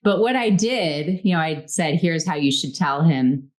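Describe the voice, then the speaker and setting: Brief: deep-voiced woman coach, easygoing anecdotal storyteller. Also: lively intonation, a little slow. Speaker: relationship coach. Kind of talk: casual podcast chat.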